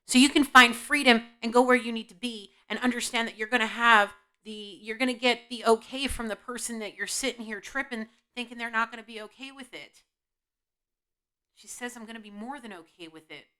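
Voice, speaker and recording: A woman's voice: fairly high pitch, steady tone, moderate pace, pushed and bright, clean tone. A woman giving an intuitive spiritual reading at home, blunt and scolding, asking her guides questions and answering herself. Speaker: intuitive reader. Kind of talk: tarot-style spiritual reading to camera. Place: home, indoors.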